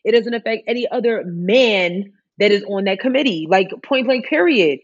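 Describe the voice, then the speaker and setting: A woman in casual chat, talking in an animated, rambling way with many fillers. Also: mid-range voice, moderate pace, dull audio.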